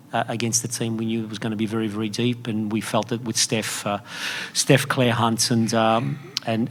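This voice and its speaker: A middle-aged man, a head coach answering at a press conference, halting and repeating words as he thinks. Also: medium pitch, slight background noise.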